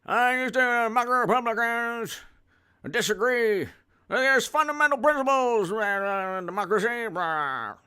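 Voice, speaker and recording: A man's voice: extremely high pitch, unhurried, bright, forceful tone, clean tone, voice pushed up, exaggerated voice. A man doing a rambling old politician impression. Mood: mocking. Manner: rambling, trailing off, repeating words. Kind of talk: comedic impression.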